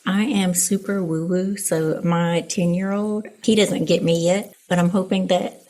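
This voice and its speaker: A woman's voice: lowish voice, fairly even intonation, unhurried, darkish tone. A mother from the Southern United States, talking candidly and with self-deprecating humor about her son in a podcast conversation.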